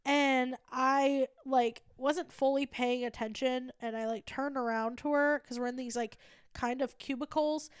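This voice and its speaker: High-voiced woman telling a funny story. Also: a little slow, clear, resonant tone, dry recording, studio quality. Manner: animated, laughing, quoting coworkers in voices. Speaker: podcast co-host. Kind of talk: casual comedic storytelling.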